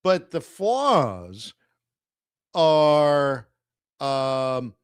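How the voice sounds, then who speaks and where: Slow-talking rambling male stream host. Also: medium pitch, big pitch swings, smooth, dry recording, clean studio sound. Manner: rambling, conversational, chuckles often. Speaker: forex trading livestream host. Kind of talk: casual livestream commentary.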